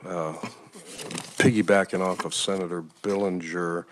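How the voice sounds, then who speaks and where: A man's voice: low-pitched, flat delivery, measured pace, slight background noise. A man with a Midwest American accent, a state senator politely asking questions at a hearing. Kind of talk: committee questioning. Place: legislative hearing room.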